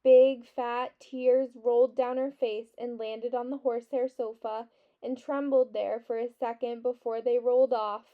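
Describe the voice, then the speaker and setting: A woman teacher reads a children's novel aloud with expressive storybook delivery. Her voice is high and her pace unhurried. The recording sounds dull and lo-fi.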